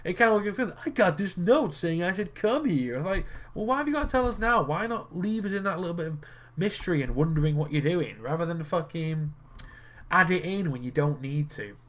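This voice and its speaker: A young gaming video creator rambles through casual commentary while playing a card game, swearing freely and restarting sentences as he gets worked up. His voice is fairly high, a bit bright, animated and a little fast.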